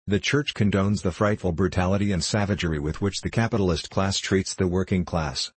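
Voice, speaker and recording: A man's voice: sits low, fairly even intonation, fairly quick, breathy edge, dry recording. A man voicing a fierce male socialist debater who argues insistently and without mercy. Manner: forceful, cutting, insistent.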